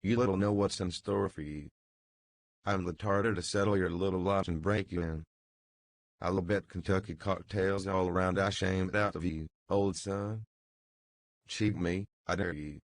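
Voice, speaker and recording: A man reading an audiobook voices a domineering, savage brothel keeper who bullies and gloats in quick, clipped bursts. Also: sits low, steady tone, no room sound.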